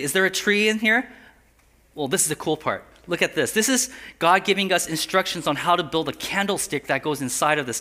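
Male pastor, bright and higher-pitched, storytelling sermon with acted-out dialogue. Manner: acts out dialogue, asks the listeners questions, leads a guided imagination. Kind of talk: animated sermon with slides.

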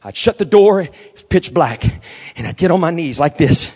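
A man pastor preaching a sermon, moving from quiet storytelling to shouted, fervent declarations. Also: on the high side, very animated, fast talker.

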